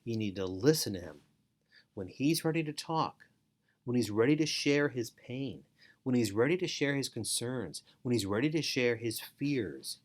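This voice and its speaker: A man's voice: mid-range voice, lively intonation, normal speed. A middle-aged man teaching parents in an earnest instructional talk, repeating key phrases for emphasis. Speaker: foster parent and parenting educator.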